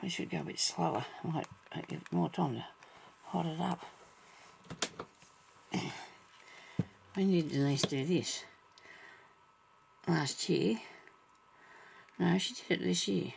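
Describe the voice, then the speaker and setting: Very gravelly woman thinking aloud. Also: deep voice, a little slow, pauses often, a little hiss or hum. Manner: chatty, talks to herself, trails off mid-sentence; drops to soft whispers at times. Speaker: sewing vlogger. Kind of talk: casual thinking aloud while stitching.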